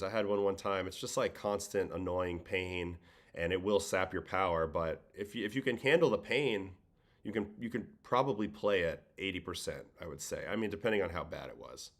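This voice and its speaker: Man host with a faint New York-Boston accent, deep voice, relaxed and a bit worn out, casual livestream talk. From Brooklyn, New York. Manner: relaxed, conversational, reads chat questions aloud. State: tired. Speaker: livestream host, former pitcher. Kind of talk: casual livestream chat answering viewers.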